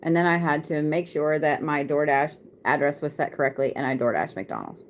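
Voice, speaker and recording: A woman's voice: low-pitched, expressive, brisk, a little hiss or hum. A woman, chatting casually on a live stream as a card reader, laughing often and swearing freely.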